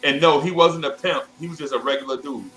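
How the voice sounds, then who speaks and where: Quick-paced and a little high, this man's voice carries a little hiss or hum on poor audio. He's a show host in his fifties telling a rambling childhood story casually, animatedly acting out others' voices in quotes while restarting and veering into asides.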